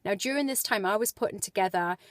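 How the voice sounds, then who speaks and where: Woman, chatty and animated, dry close sound, casual vlog. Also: medium pitch, quick pace, no echo. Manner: chatty and animated, with many fillers. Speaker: vlogger. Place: indoors as light fades.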